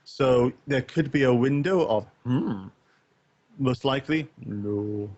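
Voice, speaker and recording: A man's voice: mid-range voice, slow, a little mellow. Rambling man on a dull lo-fi mic. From Northern Ireland. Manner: rambling, thinks aloud with many fillers. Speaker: podcast co-host. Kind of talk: casual chat. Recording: dull lo-fi sound.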